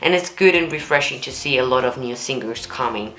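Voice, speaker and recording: A woman's voice: rumbling low, brisk, fairly bright tone. A woman vocal coach, chatting enthusiastically as she reacts to a performance. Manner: enthusiastic, chatty, repeats words often. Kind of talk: reaction commentary. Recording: echoey room with faint music.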